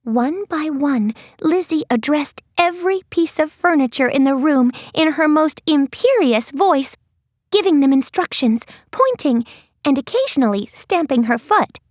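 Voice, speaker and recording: A woman narrating an audiobook in a gentle, expressive storytelling voice. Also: high voice, no room sound, clean studio sound. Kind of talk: scripted narration.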